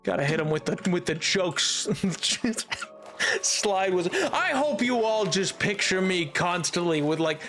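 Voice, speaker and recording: Male streamer, high bright voice, giggly, rambling casual chat; faint music underneath. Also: expressive, slow pace. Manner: giggly, rambling, stumbles over words.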